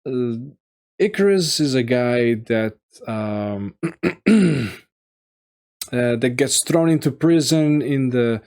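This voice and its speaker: Slow, halting man rambling through a review. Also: medium pitch, lively intonation, a little mellow, clean tone. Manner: halting and rambling, many fillers and restarts. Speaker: video game reviewer. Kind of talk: casual solo commentary.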